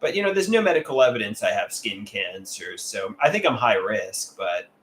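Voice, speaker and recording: A man's voice: on the low side, big pitch swings, moderate pace, fairly bright tone. A man doing a casual livestream, sharing artwork and reading viewer comments aloud in a candid, plain way.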